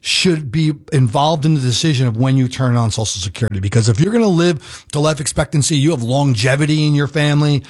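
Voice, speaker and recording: A man, a financial advisor on a radio money show, explaining steadily and reading out a phone number slowly. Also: medium pitch, darkish tone.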